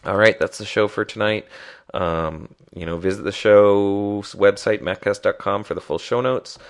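A man's voice: fairly low pitch, normal speed. A man hosting a solo podcast, talking loosely with many ums, his voice nasal and congested from a lingering cold. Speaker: podcast host.

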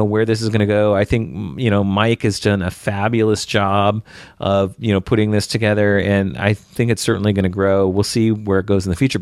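A man with a somewhat low voice hosts a podcast in casual chat. He rambles with fillers and restarts. The sound is dry and close. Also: no room sound. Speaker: podcast host.

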